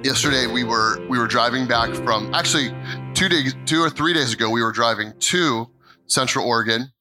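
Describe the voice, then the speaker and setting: A man's voice: medium pitch, bright, forceful tone, low-quality recording. A middle-aged male pastor telling a funny family story in a sermon, acting out voices and laughing along. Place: church stage.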